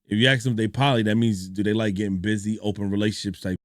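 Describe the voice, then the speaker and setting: A young man streaming a reaction video, telling stories in animated, slangy casual chat. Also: lowish voice, quick pace, dry recording, clean studio sound. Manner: animated storytelling, slangy, laughs a lot.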